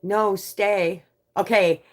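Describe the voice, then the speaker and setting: A woman in her fifties hosting a livestream, chatting with viewers in an animated way, swearing freely and reading out their comments. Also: mid-range voice, extremely slow. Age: 50s. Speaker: livestream host. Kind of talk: casual livestream chat with viewers.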